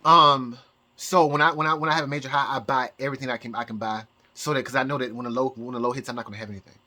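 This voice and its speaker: A man's voice: medium pitch, steady tone, racing, bright, forceful tone. A man vlogging from home in a rambling casual monologue, stumbling over repeated words and restarting sentences. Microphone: camera mic, showing objects.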